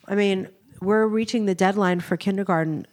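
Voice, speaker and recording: A woman's voice: medium pitch, fairly even intonation, moderate pace, darkish tone. Female podcast co-host, stuffy-nosed, chatty and rambling. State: congested, nasal from a cold. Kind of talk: casual chat.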